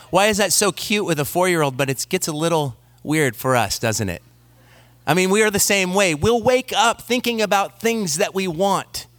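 A man in his thirties preaching a sermon, moving from slow scripture reading into a relaxed story about his young daughter. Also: high-pitched, dry recording. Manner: reads scripture slowly, then tells a family story conversationally. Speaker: pastor.

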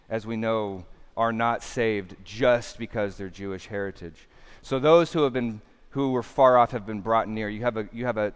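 Male pastor, sermon, smooth clear voice, laid-back slangy delivery with lively asides. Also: mid-range voice. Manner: casual slangy preaching, animated asides. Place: church.

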